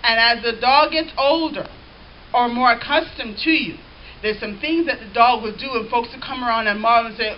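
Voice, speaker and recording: High-voiced woman preaching a sermon, lo-fi. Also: normal speed. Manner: preaching, reading scripture aloud and calling out to the congregation. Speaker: pastor. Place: church. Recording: dull lo-fi church recording with faint hiss.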